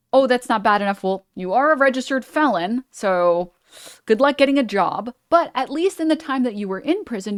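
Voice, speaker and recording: A woman's voice: mid-range voice, dry recording, clean studio sound. A woman streamer giving a sarcastic, blunt commentary as she reacts to a video.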